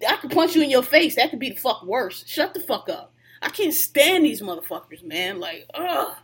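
A woman's voice: sits high, very animated, moderate pace, a bit bright, husky. A woman on a podcast venting at length in a heated, profane, casual rant.

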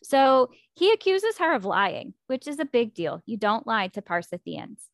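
Chatty woman, indignant book recap, slightly high, dry close mic. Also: a little slow, vocal fry, dry recording. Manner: animated, indignant retelling with swearing. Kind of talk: casual chat about a book.

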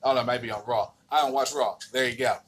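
A man's voice: mid-range voice, fairly even intonation, racing, a bit bright, a little hiss or hum. A man with an American accent hosting a podcast, ranting in a casual, exasperated and profane way with many restarts. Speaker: podcast host.

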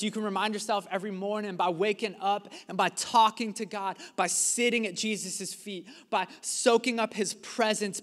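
A man preaching a sermon as a pastor, earnest and emphatic, with dramatic pauses. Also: sits high, a bit bright, in a large hall.

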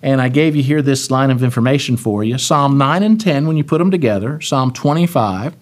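A man's voice: medium pitch, fairly quick. A man teaching a Bible study, reading scripture aloud with emphasis and talking in a casual way.

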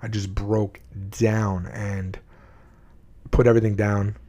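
A man's voice: fairly low pitch, little pitch movement, slow pace, warm tone. A man telling his own life story to his viewers, blunt and emotional, often restarting his sentences. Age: adult, at least 20s. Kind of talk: candid personal storytelling.

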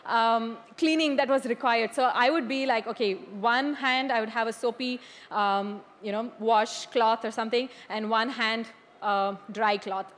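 A woman preaching a sermon in a church hall. She is animated, laughs often and keeps checking in with "okay?". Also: a little high, measured pace. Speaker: church leader. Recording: long hall reverb.

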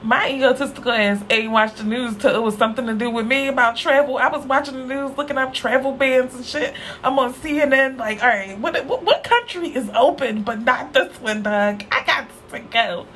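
A young adult woman hosting a casual solo podcast, talking candidly in slang, laughing often and jumping up in pitch for emphasis. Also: a bit bright, slight background noise, low-quality recording. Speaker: podcast host.

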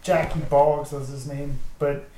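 A man's voice: a little high, little pitch movement, unhurried, dark tone. A man in his thirties telling a rambling, profane story in casual podcast chat. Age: 30s. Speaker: podcast co-host. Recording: echoey room, faint noise.

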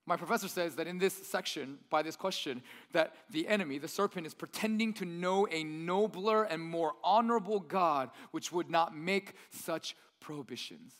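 A young male pastor delivers a relaxed, conversational sermon and slips into other voices to act out the tempter. His voice sits high for a man. The room carries a long church-hall reverb. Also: moderate pace, few pauses. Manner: conversational preaching, acts out tempter's voice.

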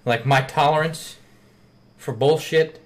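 A man's voice: a little high, takes it slowly. A man in casual chat, blunt and heated, swearing often as he tells his side of a story.

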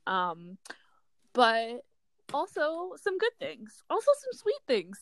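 A woman's voice: high-pitched, huge pitch swings, slow pace, a bit bright, no room sound. A woman hosting a casual podcast chat, telling a story in a chatty, giggly way with many fillers. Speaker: podcast host.

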